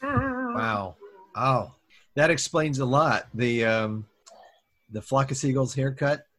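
A man's voice: mid-range voice, unhurried, fairly bright tone. A man performing in an improv comedy podcast sketch, asking bemused, laughing questions.

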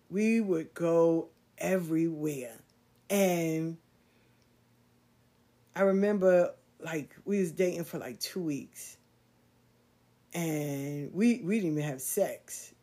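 A middle-aged woman casually telling a story from her life, quoting people in a lively slangy voice. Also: on the low side.

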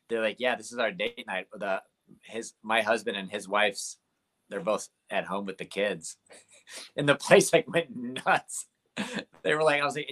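A young comedian with a lowish, fairly bright voice tells stories from his shows as a guest in a casual interview. He speaks at a moderate pace and rambles, filling his talk with "like" and other fillers.

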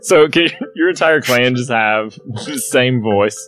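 A man playing a tabletop game with friends, halting a little as he describes his character. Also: mid-range voice, fairly bright tone, faint music behind. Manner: halting, with fillers. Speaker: player. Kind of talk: casual tabletop role-play chat.

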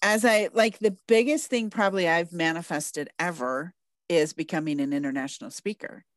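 A woman's voice: lowish voice, normal speed, dry recording. A woman hosting an interview podcast, bubbly and gushing, laughing often as she chats. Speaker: podcast host. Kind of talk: casual interview chat.

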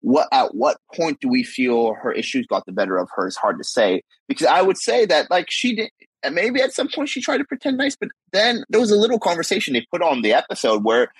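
Husky man musing on a podcast. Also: on the high side, big pitch swings, brisk, no echo, rough recording. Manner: thoughtful, rambling, frequent restarts. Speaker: podcast co-host. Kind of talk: casual podcast discussion.

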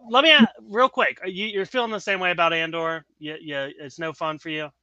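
A man hosting a casual podcast, joking around and laughing between quick asides. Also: on the high side, fairly even intonation, bright, forceful tone, clear, resonant tone, dry recording. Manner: laughing, quick asides, self-mocking jokes. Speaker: podcast host. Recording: dull lo-fi audio.

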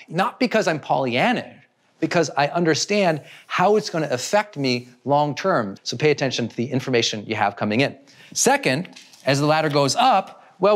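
A man giving a motivational self-help talk, speaking in an animated way and acting out people's inner thoughts. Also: medium pitch.

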